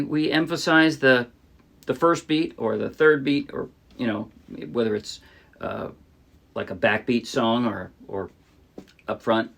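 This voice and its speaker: A middle-aged man from the New Jersey area teaching ukulele in a relaxed way, often restarting his sentences and singing short demo lines. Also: mid-range voice, gravelly. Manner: relaxed, explains with restarts and sung demos. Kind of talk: casual music tutorial. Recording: ukulele playing behind.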